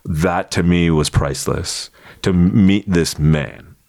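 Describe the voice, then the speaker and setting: A man in casual conversation telling a story about a meeting, animated and jumping into quoted voices as he goes. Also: deep voice, slow, gravelly, no echo, studio quality. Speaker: comedian and impressionist guest.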